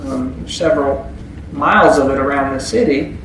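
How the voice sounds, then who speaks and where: A preacher with a medium-pitched, fairly bright voice teaches a Bible passage at normal speed, reading verses aloud and explaining them in a folksy way. The recording has an echoey room with faint ambience and a little hiss or hum.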